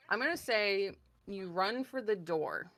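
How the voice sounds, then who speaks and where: A woman narrating as game master in a relaxed, casual way. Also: mid-range voice.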